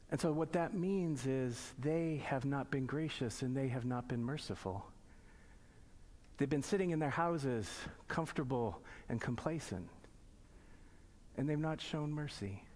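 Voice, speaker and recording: A man preaching a sermon in a church, reading scripture slowly and then explaining it in plain conversational asides and pointed questions. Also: mid-range voice, darkish tone. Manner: asks the congregation pointed rhetorical questions. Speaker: pastor.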